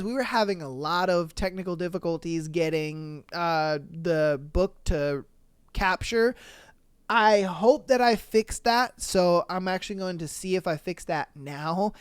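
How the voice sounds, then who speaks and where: Guy hosting a podcast, rambly and slangy, lots of ums, smooth clean voice, dry sound. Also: high-pitched, dry recording. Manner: rambling, slangy, heavy with fillers. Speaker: podcast host. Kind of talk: casual podcast monologue.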